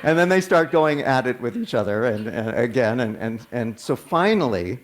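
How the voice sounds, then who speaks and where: A man's voice: mid-range voice, moderate pace, noisy background. Man telling a story in a sermon. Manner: conversational, animated when quoting others, frequent stammered restarts. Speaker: minister.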